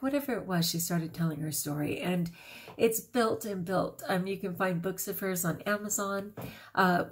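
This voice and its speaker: A woman in her sixties chatting casually to camera as a vlogger, gushing and laughing often, with plenty of fillers. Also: mid-range voice. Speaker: vegan vlogger.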